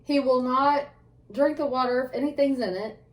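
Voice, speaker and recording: A woman's voice: sits high, moderate pace, distant mic. A woman co-hosting a casual podcast, telling stories in a matter-of-fact way with frequent laughs and swearing. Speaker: podcast co-host. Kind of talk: casual profane chat.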